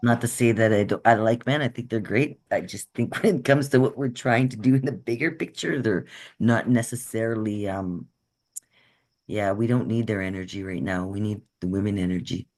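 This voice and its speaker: A woman's voice: extremely low pitch, normal speed, darkish tone. A woman from Canada giving an earnest, conversational workshop talk over a video call, often checking in with her listeners. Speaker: guest speaker.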